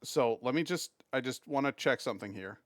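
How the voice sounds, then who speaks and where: Streaming a game, this Massachusetts man talks casually with his audience, reading chat aloud and replying, frequently stumbling and starting sentences over. He sounds animated and brisk at a medium pitch. The audio is clean studio sound without echo.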